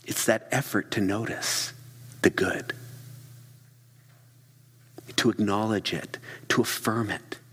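A middle-aged man preaches a sermon with a husky, slightly low voice. He tells stories in an animated way and often drops into hushed, whispered asides. His voice rings with the long reverb of a large hall. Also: takes it slowly, long pauses. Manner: animated storytelling, acting out quiet whispered asides.

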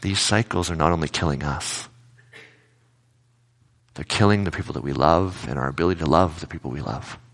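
A male pastor giving a casual, conversational sermon, telling everyday anecdotes with animated retellings. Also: rumbling low, brisk, long pauses.

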